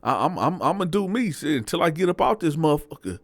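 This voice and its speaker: A man's voice: fairly high pitch, big pitch swings, fast, no room sound, pitched above the performer's own voice. A man voicing a swaggering, aggressive older male convict who talks blunt and curses. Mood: brushing off. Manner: brash, blunt, swaggering, cursing.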